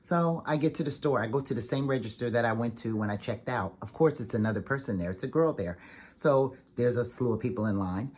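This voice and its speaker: A woman vlogger telling a story to the camera in a chatty, fast, animated way, full of "like"s and acted-out quotes. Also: rumbling low, husky. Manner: chatty, fast-talking, animated retelling with many "like"s.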